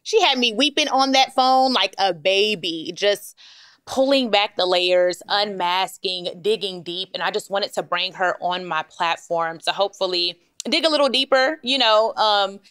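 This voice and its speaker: A woman hosting a podcast in a studio, animated and emotional, often laughing as she talks. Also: medium pitch, measured pace, clear, resonant tone, no room sound. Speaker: podcast host. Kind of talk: casual podcast chat.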